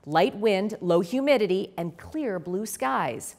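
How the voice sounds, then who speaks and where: A woman reading her children's picture book aloud, with expressive storytelling and asides to the host. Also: medium pitch, takes it slowly.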